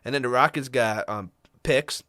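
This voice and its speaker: Male co-host, mid pitch, casual chatty delivery, dry close mic. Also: pushed and bright, no room sound. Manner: rundown of trades, fillers and quick asides. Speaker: podcast co-host. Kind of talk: casual sports chat.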